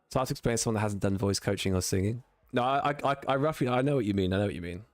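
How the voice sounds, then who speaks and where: A British man with a British English accent and a lowish voice races through his words on a live stream with no echo. He chats casually while sim racing, reading chat aloud and laughing easily.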